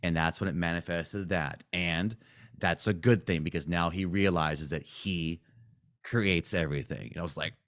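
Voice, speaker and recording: A man with a fairly low voice talks a group through a client's breakthrough. He tells it casually and with animation, acting out the quotes and checking in with a "right?" again and again. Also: normal speed. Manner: animated retelling, acts out quotes, frequent "right?". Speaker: spiritual coach.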